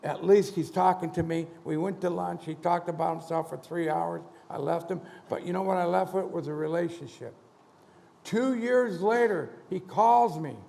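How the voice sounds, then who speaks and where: A man's voice: high-pitched, moderate pace, creaky. A man in his seventies, a motivational speaker telling a story on stage and acting out the dialogue with animation. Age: 70s. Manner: animated, acts out dialogue in quotes. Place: conference hall stage. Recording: large hall reverb.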